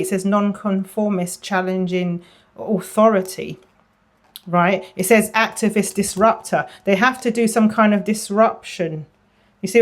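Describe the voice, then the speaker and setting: A woman giving a casual tarot reading, chatty, often repeating phrases and dropping into a soft murmur. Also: medium pitch. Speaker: tarot reader.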